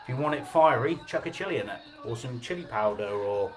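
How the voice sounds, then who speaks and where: A man's voice: mid-range voice, animated, a little fast. Chatty man teaching cooking. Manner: chatty, jokey, informal. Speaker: cooking class host. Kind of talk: casual live cooking demonstration.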